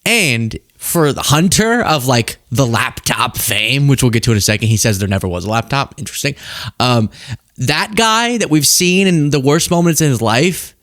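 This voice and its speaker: Animated young man, jokey commentary host. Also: medium pitch, normal speed, dry recording, studio quality. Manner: animated, jokey, laughs at own rhymes. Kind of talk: casual political commentary.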